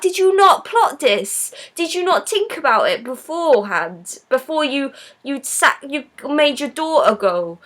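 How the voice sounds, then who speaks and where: A woman's voice: sits high, very animated, unhurried, hardly any pauses, fairly bright tone. A woman hosting a live stream, giving a blunt, sarcastic, casual film review.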